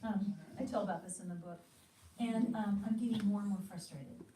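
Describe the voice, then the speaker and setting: A woman's voice: medium pitch, brisk, noisy background. An American woman giving a teaching talk, telling stories animatedly and acting out her own quoted thoughts. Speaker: ministry teacher. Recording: echoey room, mic at a distance.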